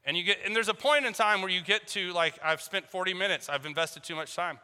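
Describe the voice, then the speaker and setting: A man's voice: high voice, quick pace, sharp tone, clear, resonant tone. A man preaching a sermon, telling a story and acting out both sides of a phone call with jokes. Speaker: pastor. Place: church hall. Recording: long hall reverb.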